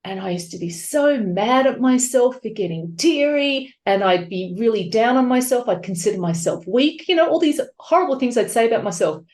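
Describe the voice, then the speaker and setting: Author guest, female, higher voice, emotional and animated storyteller; roomy, echoey podcast audio. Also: normal speed, few pauses. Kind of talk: podcast interview. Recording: echoey room.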